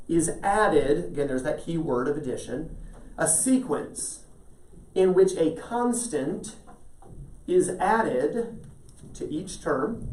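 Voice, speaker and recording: A man's voice: fairly high pitch, a little mellow. A man teaching a math class, explaining each step patiently and calling on students by name. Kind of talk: classroom lecture. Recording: echoey classroom, mic at a distance.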